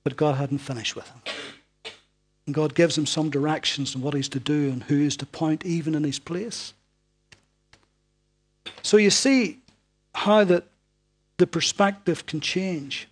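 A man delivers a sermon in a husky, slightly high voice. He leans hard on his key lines, then drops to a hushed near-whisper to draw the listener in. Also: fairly even intonation, measured pace, long pauses, soft background music. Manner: dramatic, swinging from loud emphasis to hushed near-whispers. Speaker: preacher.

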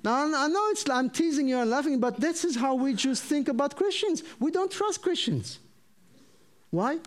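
A man from Israel, preaching his testimony in an animated way and acting out the voices in his story. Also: extremely high pitch, normal speed. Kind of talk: sermon testimony.

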